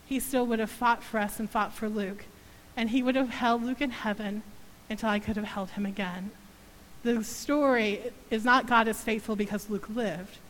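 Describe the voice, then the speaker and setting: A woman in her thirties giving an emotional sermon testimony in a church, telling her story with heartfelt, animated delivery. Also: on the high side, moderate pace, long reverb tail, a little hiss or hum, poor audio.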